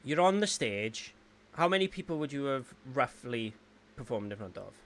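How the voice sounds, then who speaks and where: A man hosting a casual chat, asking questions in an animated, stumbling way. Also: mid-range voice, moderate pace. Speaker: podcast host.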